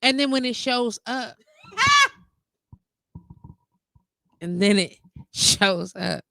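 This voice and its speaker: Female live-show host, fairly high pitch, lively and talkative. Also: drawn-out words, gravelly, no echo. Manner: animated, repeats "you get what I'm saying". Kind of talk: casual live-stream chat.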